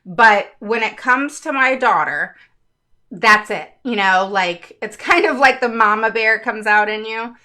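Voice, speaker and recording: Middle-aged woman host, crisp bright tone, open and emotional, chatty direct-to-viewer vlog talk. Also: on the high side, a little slow. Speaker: parent advocate, show host.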